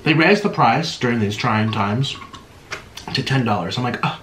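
Man, casual eating vlog, talks while chewing, faint background hiss, medium pitch. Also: lively intonation, moderate pace, fairly bright tone. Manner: chatty, eating between sentences, mouth-full humming. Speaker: mukbang vlogger.

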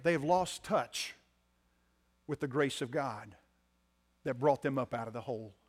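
In a church sanctuary, a pastor with a mid-range voice preaches to his congregation, swinging between loud, emphatic lines and quiet ones while repeating key phrases.

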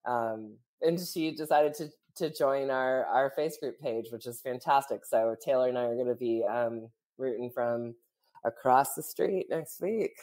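Woman podcast co-host, very deep voice, chatty storyteller, laughs often. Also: a little slow, darkish tone. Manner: chatty, full of "like" and "you know", laughs often. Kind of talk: casual storytelling chat.

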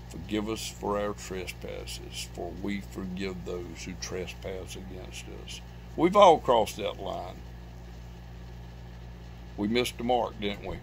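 Preacher with a low voice. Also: male voice, a little hiss or hum. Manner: preaching with loud bursts of emphasis and sudden drops to quiet. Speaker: pastor. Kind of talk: sermon. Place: church sanctuary.

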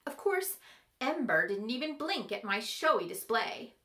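Woman storyteller, playful, fairly high-pitched and very lively. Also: measured pace. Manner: expressive, playful. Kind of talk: reading a novel aloud.

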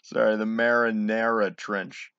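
A man's voice: lowish voice, flat delivery, measured pace, a bit bright, clean tone, no echo. A man casually reading jokes aloud, giggling and swearing between them. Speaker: joke reader. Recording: dull, lo-fi home recording.

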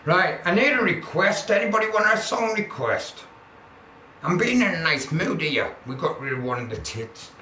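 Very animated and speaking at a moderate pace, a man with a high, sharp voice delivers an angry livestream rant, full of profanity and mocking jabs at his viewers. There's a roomy echo and faint background noise.

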